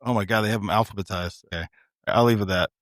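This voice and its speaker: A man's voice: lowish voice, a bit bright, dry recording, clean studio sound. Profane, laughing male podcast co-host. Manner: loose and profane, quick to laugh. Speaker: law enforcement officer. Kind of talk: casual barbershop chat.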